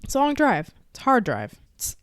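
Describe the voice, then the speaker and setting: A woman's voice: sits high, huge pitch swings, a little fast, no room sound, clean studio sound. A young woman from Texas, co-hosting a podcast, chatting casually and telling stories with lots of fillers and frequent laughter. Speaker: podcast co-host. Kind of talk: casual chat.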